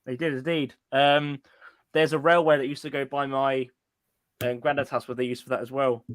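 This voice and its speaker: A man's voice: mid-range voice, level tone, moderate pace, no echo. A man hosting a live stream, chatting casually, joking, laughing often and putting on silly voices. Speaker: stream host.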